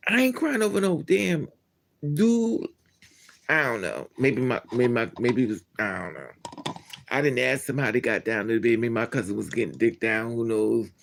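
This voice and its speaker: A man hosting a casual live stream, answering his chat in a blunt, candid and animated way. He laughs often and trails off mid-thought. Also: mid-range voice, gravelly.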